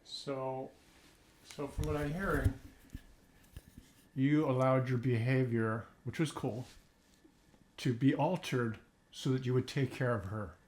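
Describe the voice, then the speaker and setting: A man coaching an acting student, gentle and encouraging, guiding with probing questions. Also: medium pitch, fairly even intonation, slow pace, long pauses, slight background noise. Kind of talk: coaching feedback in acting class.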